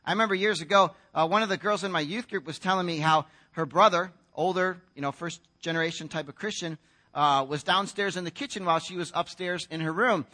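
An American pastor preaches a sermon like he's telling a story, acting out the voices of its characters. His high-pitched voice is brisk, pushed, and bright.

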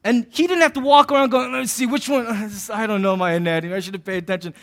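Male pastor, high voice, sermon with animated asides and playful humor. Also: fast. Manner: humorous, conversational preaching.

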